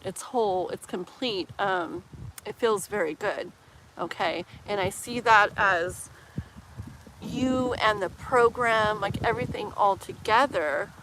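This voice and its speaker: Brief: woman, live-stream tarot reader, casual and rambling, mid-pitch, faint background noise. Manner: casual, filler-heavy, with soft laughs; slows down and muses while shuffling.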